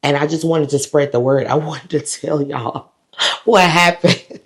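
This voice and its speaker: Gravelly-voiced woman telling her travel story. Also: low voice, moderate pace. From United States. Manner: animated, dramatic retelling with quoted voices and laughs. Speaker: vlogger. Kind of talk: casual storytelling to camera.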